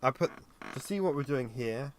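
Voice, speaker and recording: A tired man chatting casually on a livestream while he works on 3D animation, thinking aloud with frequent pauses and ums. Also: mid-range voice, lively intonation, a little hiss or hum. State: tired and yawning. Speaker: 3D animator livestreaming his work.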